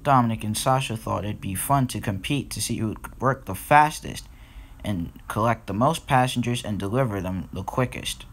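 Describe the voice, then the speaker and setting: A man's voice: on the low side, moderate pace, a bit bright. A man narrating a fan-made storybook episode and talking directly to listeners. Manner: plain reading, talks straight to listeners.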